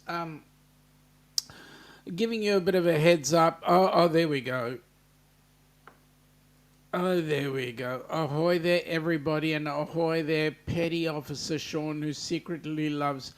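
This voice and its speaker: An Australian man hosting a casual livestream, chatting loosely with lots of ums and greeting viewers by name. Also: on the high side. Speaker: livestream host. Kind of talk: casual live-chat greetings.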